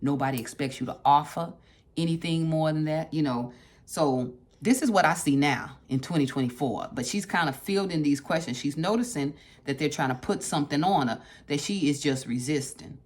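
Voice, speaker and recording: Low-voiced woman leading a book chat. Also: moderate pace, darkish tone. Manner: conversational, repeats phrases for emphasis, asks the audience directly. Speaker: book club discussion leader. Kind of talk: casual book discussion with read-aloud passages.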